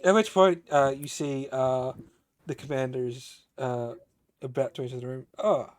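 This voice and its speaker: A man's voice: mid-range voice, fairly even intonation, measured pace. A man running a tabletop game, narrating casually with many hesitations and fillers. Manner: hesitant, filler-heavy storytelling. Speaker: game master.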